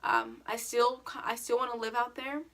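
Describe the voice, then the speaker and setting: A teenage girl talks through a casual question-and-answer vlog, rambling into stories with plenty of "like". Her voice is bright and a little high, with a lively edge. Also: normal speed. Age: teens. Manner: chatty storytelling, lots of "like". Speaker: vlogger.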